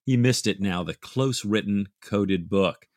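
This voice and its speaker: A man co-hosting a book discussion podcast, talking in a reflective, emotional way with halting restarts. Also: fairly low pitch, no room sound, clean studio sound. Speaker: podcast co-host.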